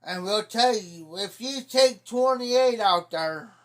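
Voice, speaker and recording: A man from talks in a high voice. He rambles through folksy stories about local sayings. He teases his listener as he goes. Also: lively intonation, slow. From Ohio. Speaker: livestreamer. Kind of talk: casual storytelling.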